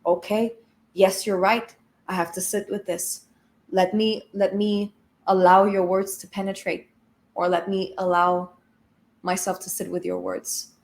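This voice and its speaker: A woman putting on the voice of a calm, steady male partner who speaks soothingly but firmly. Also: mid-range voice, unhurried, voice pushed down, close to an everyday voice.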